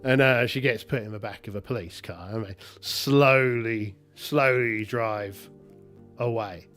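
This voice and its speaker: Solo tabletop game narrator, male, slow and halting, restarts a lot, faint music underneath. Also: fairly low pitch, a bit bright. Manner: halting, rambling with many restarts.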